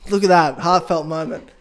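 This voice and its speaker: A young man co-hosting a podcast, telling a story in casual chat, laughing and swearing a lot. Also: fairly high pitch. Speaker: podcast co-host.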